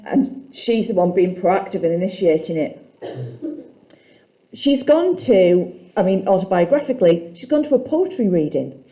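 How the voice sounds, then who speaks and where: A woman teaching a poetry class, asking students questions and reading lines aloud slowly. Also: on the low side, very animated, warm tone.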